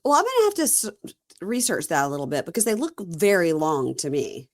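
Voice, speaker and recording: A woman hosting a casual chat, with a fairly low voice. She recaps scenes by quoting the people in them, wry and exasperated. The sound is dry and close. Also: huge pitch swings, brisk, no echo. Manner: retells scenes with quoted dialogue, wry and exasperated. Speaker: podcast host.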